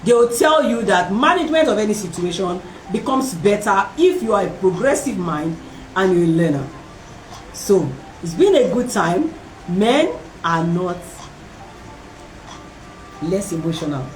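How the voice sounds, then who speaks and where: A woman hosting a talk, telling a personal story in a lively way and acting out the voices of other people. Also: medium pitch, a little slow, long pauses, slight background noise. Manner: animated, acts out voices in her story, laughs often. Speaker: host. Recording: roomy and distant from the mic.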